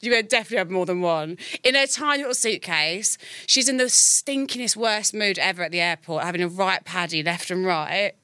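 A young woman hosting a podcast, telling a story in giggly, animated casual chat. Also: fairly low pitch, fairly quick, few pauses, clear, resonant tone, no echo. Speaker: podcast host.

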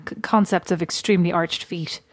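Speaking briskly in a lowish, steady voice, this woman from Ireland co-hosts a casual, chatty podcast in a dry recording. Her talk wanders, she often starts sentences over, and laughter breaks in frequently.

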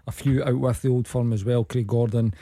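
Man, football pundit, mellow dark tone, dry sound, plain-spoken. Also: medium pitch, fairly even intonation, fairly quick, dry recording. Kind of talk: radio punditry.

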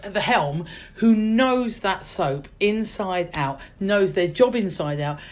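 A woman's voice: mid-range voice, animated, slow pace. A middle-aged woman, an actress telling stories in a casual interview. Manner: chatty storyteller, many restarts. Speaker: actress guest.

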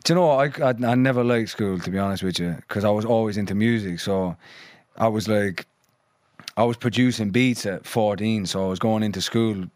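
A young man from London and Ireland talks as a podcast guest in a somewhat low voice. His chat is loose and frank, full of swearing, "like" and "you know". The sound is dry and close, with no room echo. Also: brisk, a little mellow. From London and New Ross, Ireland. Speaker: musician guest.

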